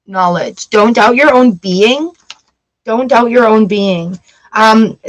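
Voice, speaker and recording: A woman's voice: mid-range voice, low-quality recording. Chatty, giggly woman reading tarot live. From Canada. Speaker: tarot reader livestream host.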